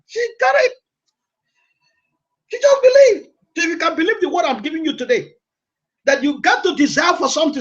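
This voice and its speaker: A man's voice: extremely high pitch, fairly bright tone, lo-fi sound. A man hosting a radio show, preaching motivation in an emphatic, repetitive, exhorting way. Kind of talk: preaching broadcast.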